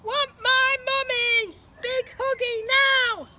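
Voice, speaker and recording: A woman voicing a shrieking, clingy baby girl in a storybook read-aloud, with slow, drawn-out wailing demands. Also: very high-pitched, little pitch movement, very noisy, pitched above the performer's own voice.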